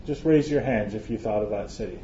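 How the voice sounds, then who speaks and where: A man's voice: on the low side, brisk, dark tone, slight background noise. A man from Canada, giving a joking, chatty lecture to a live audience and often restarting his phrases. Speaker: conference speaker. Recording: roomy, dull hall recording.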